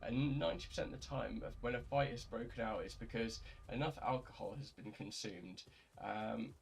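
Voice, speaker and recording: A man's voice: mid-range voice, moderate pace, gravelly, slight background noise. A young man, a bit tipsy, rambling casually as a gaming streamer, with lots of fillers, restarts and swearing. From England.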